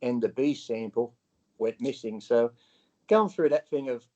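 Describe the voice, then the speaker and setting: A man's voice: medium pitch, measured pace, a little mellow, muffled recording. An Australian man as an interview guest, telling a personal story bluntly and with swearing, acting out his own past lines.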